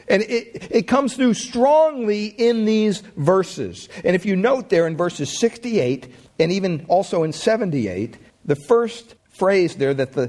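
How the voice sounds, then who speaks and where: A man preaching with a fairly high voice. He keeps putting questions to his listeners, and his pitch swings widely from low, quiet lines to bright, lifted ones as he presses each point. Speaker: pastor. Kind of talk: sermon.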